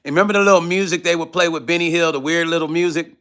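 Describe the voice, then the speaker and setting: A man's voice: fairly high pitch, rapid-fire. A middle-aged man talking casually on a livestream, reading out chat messages in a loose, laughing, rambling way. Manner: relaxed, loose, laughs often, drifts between topics. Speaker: music vlogger reading live chat.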